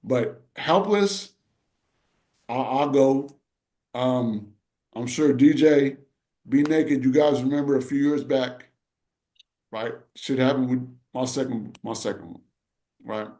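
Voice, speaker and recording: A middle-aged podcast co-host tells a story with heartfelt emotion in a casual chat, his voice at an ordinary male pitch with a warm tone. He speaks slowly, pauses often, and rambles, leaning on "you know" and "right" to check in with listeners.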